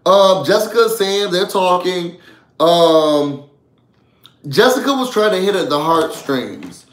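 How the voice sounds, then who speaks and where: A man casually recapping a reality show for his viewers, animated and chatty, often calling out to them. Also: high-pitched, slow pace, echoey room. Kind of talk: casual live recap chat.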